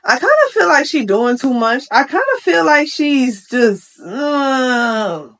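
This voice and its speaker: A young adult woman giving casual commentary on a Reddit post, chatty and slangy, with frank opinions and quick asides. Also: high-pitched, lively intonation, a bit bright. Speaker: vlogger reacting to a Reddit post.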